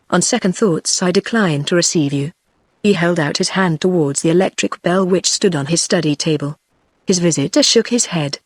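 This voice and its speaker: A woman with a British accent, reading a classic novel aloud as a text-to-speech audiobook narrator in an even, steady way. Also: on the low side, dry recording, studio quality.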